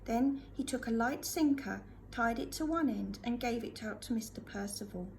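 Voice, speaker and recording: A woman reading a storybook aloud to a school class with expressive delivery. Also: fairly high pitch, moderate pace, creaky, slight background noise.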